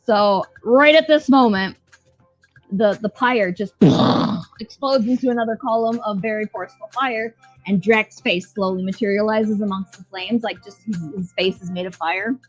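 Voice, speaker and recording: A woman's voice: mid-range voice, normal speed, faint music behind, rough recording. A woman co-hosting a podcast, recapping a show in a casual, profane, rambling way full of fillers. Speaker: podcast co-host.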